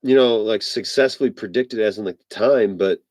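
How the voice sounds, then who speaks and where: A man's voice: on the low side, brisk, darkish tone, dry recording. A man telling a personal story in a casual, rambling way, full of fillers and repeated "I was like". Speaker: vlogger.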